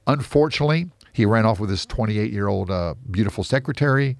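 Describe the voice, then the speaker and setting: A man from the United States, an interview guest who tells lively anecdotes full of quoted dialogue. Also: fairly low pitch, quick pace, creaky, hardly any pauses, dry recording. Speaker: real estate investor guest. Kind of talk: storytelling interview.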